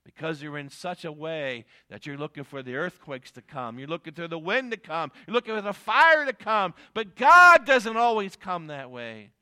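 A man preaching a sermon, reading scripture aloud and swinging from quiet asides to emphatic, raised declarations. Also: a little high, sing-song, normal speed, few pauses, clean tone. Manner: reads scripture in archaic phrasing, repeats key lines.

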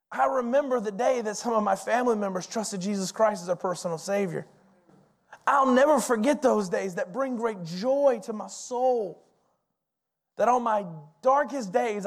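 A pastor in his forties preaching a sermon, telling personal stories in an animated, folksy way. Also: high voice.

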